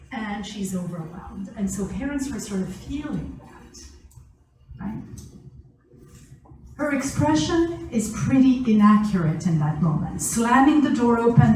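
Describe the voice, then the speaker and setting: Animated woman teaching in an echoey room. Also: on the high side, far from the mic. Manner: animated, acts out quotes, laughs often, keeps asking "right?". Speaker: family skills class teacher. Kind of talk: lively classroom teaching.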